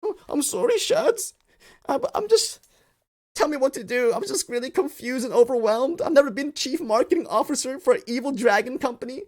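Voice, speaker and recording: A man's voice: extremely high pitch, animated, fairly quick, pitched above the performer's own voice. A man voicing a confused, overwhelmed grown man who pleads for help in a whimpering tone. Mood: whiny pleading.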